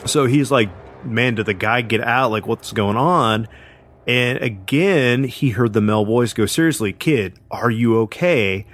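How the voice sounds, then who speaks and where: A man's voice: mid-range voice, a little slow, a bit bright, a little hiss or hum. A man co-hosting a podcast, telling a story casually with lots of fillers and restarts. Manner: rambling, many fillers and restarts. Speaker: podcast co-host.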